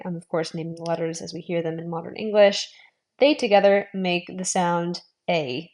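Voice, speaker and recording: Woman, young adult, language teacher, patient, repeats sounds, slow pace, lowish voice. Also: fairly even intonation, a little mellow. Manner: patient and explanatory, repeats sounds slowly for learners. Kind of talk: video lesson.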